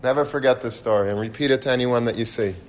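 Man, lecturer, animated storytelling, religious terms mixed in, mid-pitched voice. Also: fast talker. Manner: animated, mixes in Hebrew and Yiddish terms.

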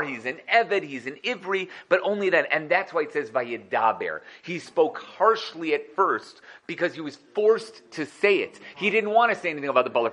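A man teaching the weekly Torah portion, explaining commentaries in a lively way and acting out quoted lines with rising excitement. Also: on the high side.

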